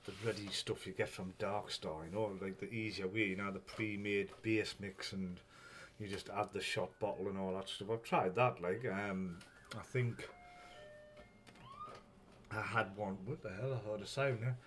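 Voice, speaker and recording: A man chats loosely on his own live stream in a lowish voice. He rambles, swears without a second thought and chuckles often while greeting viewers. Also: steady tone, moderate pace, fairly bright tone, a little hiss or hum. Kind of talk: casual live-stream chat.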